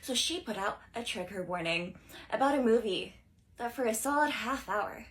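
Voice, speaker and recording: Young woman ranting about movies, fast and chatty, highish bright voice. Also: rough recording. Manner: animated, fast-talking, lots of filler words. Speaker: social video creator. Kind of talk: casual storytelling commentary.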